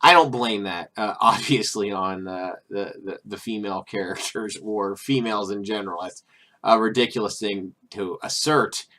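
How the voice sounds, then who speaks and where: Bright-voiced rambling man. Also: on the low side, moderate pace. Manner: rambling, frequent restarts and fillers, irritated sarcastic asides. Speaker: video host. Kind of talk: casual opinion monologue.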